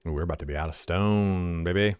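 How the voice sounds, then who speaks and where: Low-pitched, quick and darkish, with a clear, resonant tone and no room sound, this man live-streams a strategy game. He's laid-back and swears freely, pausing his commentary to give commands to his dog at home.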